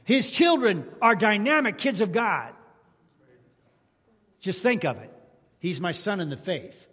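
A pastor preaching a sermon to his congregation, telling folksy stories and rising to loud exclamations. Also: sits high, sing-song, measured pace, husky. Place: church sanctuary. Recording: long hall reverb in church.

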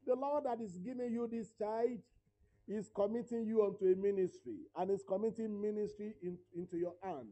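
A man's voice: high-pitched, normal speed, warm tone, poor audio. A male pastor preaching and praying fervently, declaring and repeating phrases. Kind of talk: sermon and prayer.

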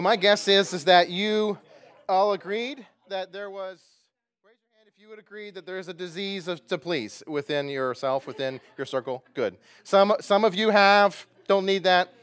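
A man preaching a sermon to a congregation, asking them questions and building to loud, emphatic bursts. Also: fairly high pitch, dry recording. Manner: asks the congregation questions and laughs often. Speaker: pastor.

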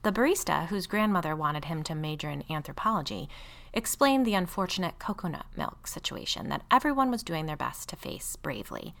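A woman reading a first-person story aloud in a wry, expressive way, casually profane. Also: sits low, brisk, vocal fry. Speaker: audiobook narrator.

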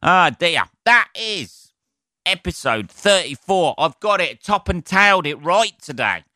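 A man's voice: high-pitched, very animated, a little slow, bright, forceful tone, dry recording, studio quality. A man hosting a solo podcast, ranting with heavy swearing and sarcasm and laughing at his own jokes. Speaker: podcast host.

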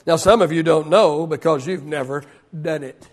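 A man's voice: fairly high pitch, normal speed. A male pastor preaching a sermon to his congregation, repeating key phrases for emphasis. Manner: preaching with emphatic repetition, leading the congregation in call-and-response. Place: church service.

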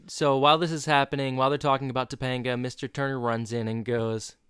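A man's voice: medium pitch, little pitch movement, quick pace, a bit bright, clear, resonant tone, dry recording, clean studio sound. A man in his thirties co-hosting a podcast, recapping a sitcom in casual chat full of playful jokes. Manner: joking, playful banter. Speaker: podcast co-host.

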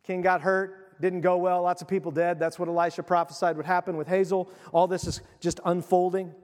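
Man preaching, high voice, chatty storytelling, long hall reverb. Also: level tone, fairly quick. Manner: conversational, retells the story with asides. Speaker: pastor. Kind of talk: sermon.

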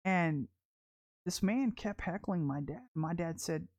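A woman's voice: fairly low pitch, animated, slow pace, darkish tone. Blunt, confrontational woman preacher. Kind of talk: prophetic preaching.

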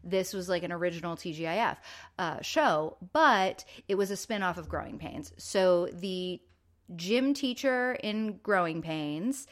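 Chatty woman co-host retelling an episode. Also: measured pace. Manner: animated storytelling with high-pitched acted-out quotes. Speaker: podcast co-host. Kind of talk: casual chat recapping a TV episode.

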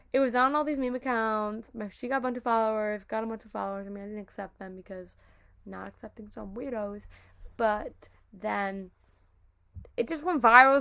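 Młoda kobieta, prowadząca podcastu, opowiada gadatliwie i z werwą; głos jasny, dość wysoki. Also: female voice, fairly high pitch. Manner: chatty, animated, fond of "like" and "oh my God". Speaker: podcast host. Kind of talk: casual storytelling.

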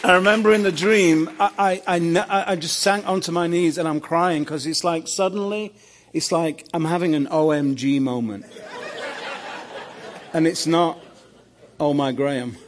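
A preacher telling a dream story in a sermon, animated, with stammers and restarts. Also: male voice, on the high side, moderate pace, a little hiss or hum.

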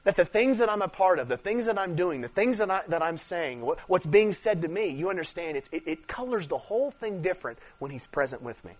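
A man's voice: high voice, animated, brisk, hardly any pauses. A traveling male preacher giving a conversational sermon, repeating and restarting phrases for emphasis and often checking in with "you understand.". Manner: conversational preaching, rising and falling in intensity, frequent "you understand".

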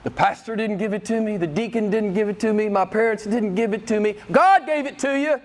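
Fired-up male preacher, high voice. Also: a little fast. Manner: impassioned, emphatic, repeats phrases. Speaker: pastor. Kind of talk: sermon.

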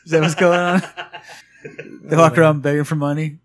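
A man with a slightly higher voice who trades deadpan quips in casual podcast banter and keeps stretching an absurd bit. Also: brisk, crowd noise. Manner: dry one-liners. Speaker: podcast co-host.

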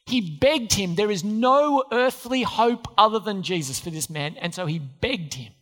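A man's voice: high voice, animated, a little slow, a bit bright, long reverb tail. A man preaching a sermon as pastor, emphatic and repeating key phrases. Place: church.

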